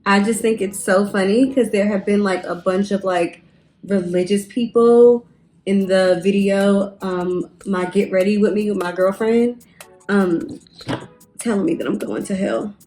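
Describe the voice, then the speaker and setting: A woman's voice: mid-range voice, steady tone, measured pace, a little mellow, faint music behind. A young woman chatting casually to camera while doing her hair, rambling with fillers and asides. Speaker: beauty vlogger.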